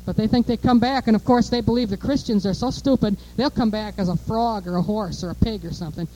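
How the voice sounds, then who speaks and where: A man preaching a fiery sermon, emphatic and repetitive, moving between offhand asides and loud declarations. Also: high voice, fast talker, low-quality recording.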